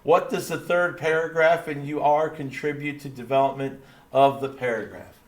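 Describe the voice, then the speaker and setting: A male teacher reading a lesson aloud while voicing a folksy, proud small-town dad with a slow drawl and pet phrases. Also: fairly high pitch, fairly even intonation, close to an everyday voice. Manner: slow Texan drawl, repeating catchphrases. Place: classroom. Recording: roomy echo.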